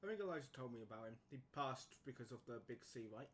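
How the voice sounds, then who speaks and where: A man's voice: mid-range voice, expressive, quick pace, a bit bright. A man chatting offhandedly as a player in a tabletop game.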